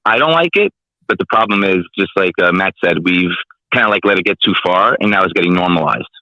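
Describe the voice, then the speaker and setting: A man's voice: low-pitched, brisk, bright, forceful tone, dry recording, muffled recording. A man calling into a podcast, giving blunt opinions in a matter-of-fact way. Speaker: caller. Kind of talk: casual call-in chat. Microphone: phone line.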